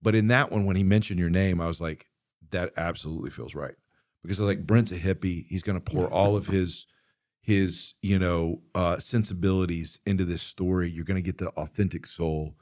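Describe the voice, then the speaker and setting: A middle-aged man hosting a podcast, telling a story in casual chat, animated and quick to laugh as he acts out what people said. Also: low-pitched, no echo, clean studio sound. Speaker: podcast host and filmmaker.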